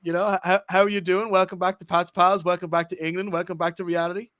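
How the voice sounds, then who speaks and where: A man with an Irish accent co-hosting a casual sports podcast, chatty and full of quick restarts. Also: high voice, level tone, a bit bright, no echo, clean studio sound. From Ireland. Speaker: podcast co-host.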